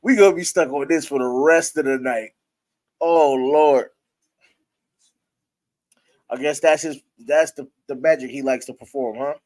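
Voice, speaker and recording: A man's voice: mid-range voice, fairly quick, few pauses. A man hosting a casual live-stream sports talk show, talking loosely with his viewers and breaking into laughter.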